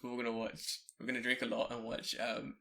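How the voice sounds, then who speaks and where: Recording his podcast in Japan, a man rambles through casual chat after a few drinks, laughing and swearing. His mid-range voice is monotone, a little fast, bright, and forceful.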